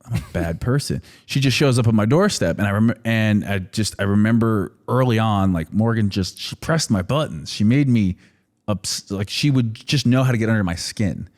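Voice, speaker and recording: A man's voice: fairly low pitch, moderate pace, a little mellow. Laid-back man in his thirties. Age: 30s. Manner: rambling, laughs often, fillers like "like". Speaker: podcast guest. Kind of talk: casual chat.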